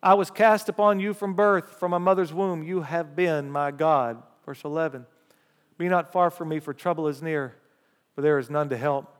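A man preaching a sermon, reading scripture aloud with rising emphasis and lively call-and-response asides to the congregation. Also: on the high side, moderate pace. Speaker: pastor. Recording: long hall reverb.

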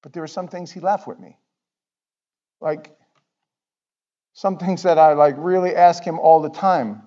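Male pastor, fairly high voice, preaching in a chatty way with sudden loud bursts and hushed asides, dull lo-fi sound. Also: fairly even intonation, measured pace, long pauses. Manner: conversational, swings from loud outbursts to near-whispers. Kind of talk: sermon.

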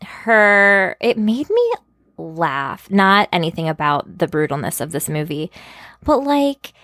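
A woman co-hosting a casual podcast chat, easygoing and quick to laugh. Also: on the low side, sing-song, a bit bright, no echo. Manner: laughs often, chatty and easygoing. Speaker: podcast co-host.

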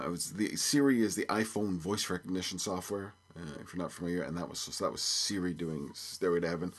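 A man's voice: low-pitched, breathy edge. A man of about fifty from Belfast, hosting a podcast in a rambling, joking way with many fillers. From Belfast, Northern Ireland. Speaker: podcast host. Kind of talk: casual solo podcast chat.

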